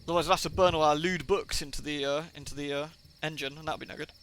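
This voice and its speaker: A man's voice: on the high side, fairly even intonation, fast, a bit bright, a little hiss or hum, poor audio. A man streaming a video game, reading its text aloud with chatty asides and fillers.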